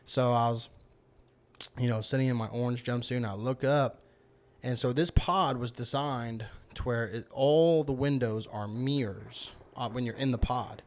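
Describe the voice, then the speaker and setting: A man on a podcast as a guest rambles through a long personal story, casual storytelling packed with fillers such as "you know" and "like". He has a mid-range voice, fairly even intonation and moderate pace.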